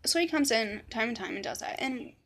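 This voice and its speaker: A woman's voice: fairly high pitch, expressive, brisk, background noise. A young woman telling a personal story in a casual, rambling vlog, swearing often, using many fillers and dropping to a whisper for quoted lines. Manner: rambling, profane, full of fillers. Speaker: vlogger.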